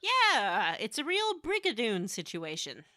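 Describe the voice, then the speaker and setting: A woman co-hosting a casual gaming podcast, retelling game scenes with animated storytelling and acted-out quotes. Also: on the high side, a little slow, no echo, studio quality. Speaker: podcast co-host.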